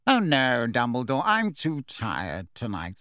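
A man's voice: a little high, sing-song, slow pace, fairly bright tone, smooth, no room sound, studio quality, heavily acted. A man voicing a haughty old wizard in a portrait, with a reedy voice and a bored, languid drawl.

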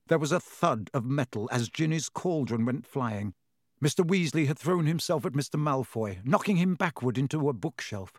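A man reading a storybook aloud with expressive narration. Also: mid-range voice, normal speed, dry recording, studio quality. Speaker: audiobook narrator. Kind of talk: scripted narration.

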